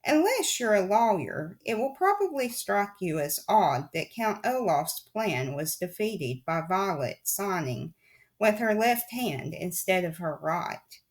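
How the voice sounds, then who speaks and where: A woman narrating a storybook audiobook in a wry, confiding tone, as if warning the listener directly. Her pitch is mid-range but swings up and down with lots of life. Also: big pitch swings, slow. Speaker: audiobook reader.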